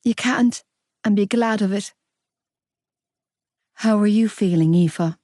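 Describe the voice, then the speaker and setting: A woman's voice: mid-range voice, slow, dark tone, no echo, close to an everyday voice. A woman voicing a heartbroken, fiercely loyal young woman close to tears in an audiobook. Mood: anguished. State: crying.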